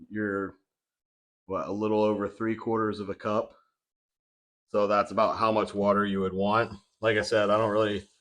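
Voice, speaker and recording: Speaking from his home kitchen, a young man who vlogs about bodybuilding talks loosely and casually, full of filler words, in a lowish, slightly bright voice.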